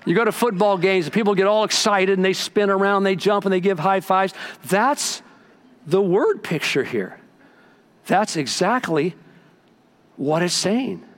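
A man preaching a sermon as pastor, telling stories and acting out quotes with lively swings in his voice. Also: sits high, measured pace. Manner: animated storytelling with acted-out quotes. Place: church sanctuary.

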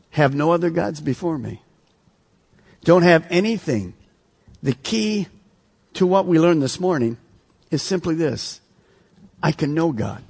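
A man preaching in a church, moving from pointed questions to quiet, earnest calls. His voice runs a little high and carries a husky edge. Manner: emphatic preaching, rhetorical questions, drops to soft earnest appeal. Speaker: pastor. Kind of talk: sermon. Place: church sanctuary.

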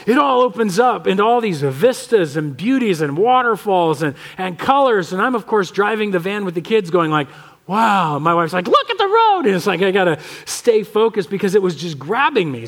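Animated American pastor, high voice. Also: male voice. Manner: conversational, animated, acts out quoted voices. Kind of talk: sermon. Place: church sanctuary.

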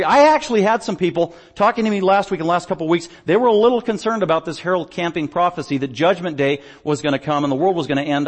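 A man's voice: sits high, husky. Emphatic male preacher, rising and falling. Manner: emphatic, swings between loud declarations and quiet asides. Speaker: pastor. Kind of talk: sermon. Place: church stage.

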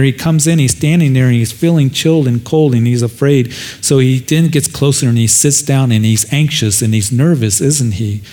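A man's voice: medium pitch, dark tone. Man preaching an emphatic sermon. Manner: emphatic, retells scripture dramatically with repetition. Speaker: pastor.

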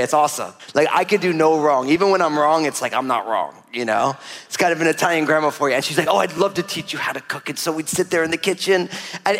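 A man preaching a sermon in a relaxed, chatty storytelling way, peppered with "you know". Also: on the high side. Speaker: pastor. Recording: long hall reverb.

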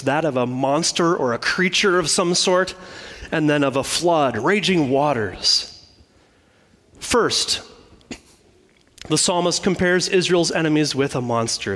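Male pastor, slightly high voice, measured sermon delivery with repeated phrases, long church reverb. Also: a bit bright.

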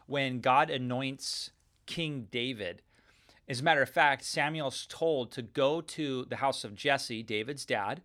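A man with an average-pitched voice teaches scripture in a relaxed, earnest, conversational manner. He chuckles now and then and speaks like a podcast host to his listeners. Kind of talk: casual Bible teaching.

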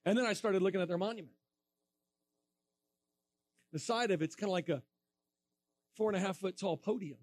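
A man preaching to a room of students, telling a story with lively acted-out quotes and bursts of laughter. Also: high voice, normal speed, long pauses. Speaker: evangelist speaking to students. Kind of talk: storytelling sermon.

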